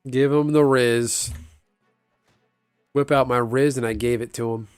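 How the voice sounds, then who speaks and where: A man's voice: mid-range voice, fairly even intonation, measured pace, clean tone, dry recording, clean studio sound, soft background music. Rambling, profane man chatting. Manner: rambling and profane, laughs often. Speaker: streamer. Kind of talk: casual chat while gaming.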